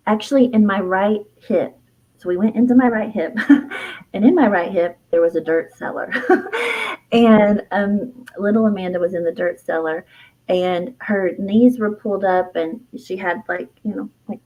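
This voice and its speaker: A middle-aged woman recounts a personal memory as an interview guest. She talks reflectively and from the heart, with a middle pitch, leaning on fillers and soft laughs as she goes. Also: rough recording. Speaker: guest, herbalist and author.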